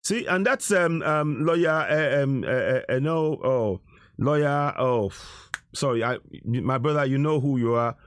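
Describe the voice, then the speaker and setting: A man's voice: mid-range voice, a little slow, a little hiss or hum. A middle-aged man giving indignant commentary over video footage, insisting and repeating himself. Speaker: activist commentator.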